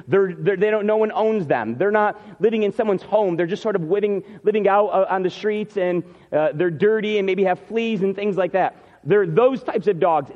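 A man preaching a sermon, retelling the scene and acting out what the people say. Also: high-pitched. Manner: storytelling, acts out scenes. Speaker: pastor. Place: church sanctuary. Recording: muffled hall reverb.

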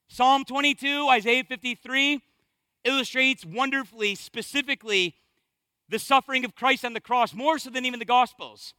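A man's voice: very high-pitched, normal speed, sharp tone, clear, resonant tone, no echo. A man in his thirties, a pastor preaching a sermon in church, emphatic and repeating phrases to drive points home.

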